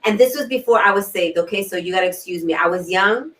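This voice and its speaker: A woman hosting a talk show, sharing a personal story in an earnest way, repeating key words and often clearing her throat. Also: on the low side, fast. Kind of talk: personal testimony in a panel talk. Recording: distant mic.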